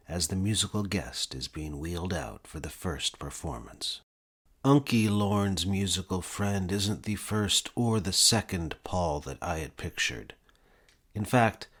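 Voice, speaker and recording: A man narrating a comic novel in the first person with a deadpan, wry delivery. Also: low voice, slightly rough. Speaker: audiobook narrator.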